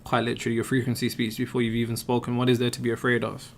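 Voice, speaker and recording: A man's voice: medium pitch, completely flat delivery, very fast, slight background noise. Emphatic male host answering questions. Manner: emphatic, explains with rhetorical questions. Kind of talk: live stream Q&A.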